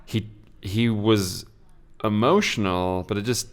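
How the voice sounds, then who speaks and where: A man's voice: fairly low pitch, takes it slowly, smooth. A man co-hosting a podcast, chatting casually about a film and often hesitating to find his words. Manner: hesitant, searching for words, many fillers. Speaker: podcast co-host.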